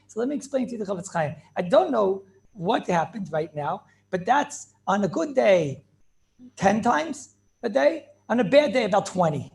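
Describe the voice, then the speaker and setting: A man's voice: high voice, sing-song, moderate pace, vocal fry, a little mellow. A man, a rabbi, telling inspirational stories, repeating phrases and dropping Yiddish and Hebrew words into his talk. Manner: retells stories with many repeated phrases and restarts.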